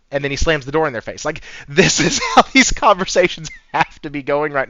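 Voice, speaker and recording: A man hosting a casual gaming news podcast, talking in an animated, profane, sarcastic way and laughing often. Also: a little high, brisk, few pauses, no room sound. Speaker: podcast host. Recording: dry, slightly dull audio.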